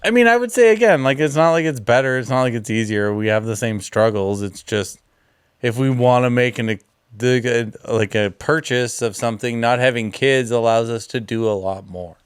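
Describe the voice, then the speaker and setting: A man co-hosting a podcast, chatting casually with lively, filler-heavy talk. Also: medium pitch, normal speed, smooth, no echo, clean studio sound. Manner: animated, chatty, lots of fillers. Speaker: podcast co-host. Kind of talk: casual chat.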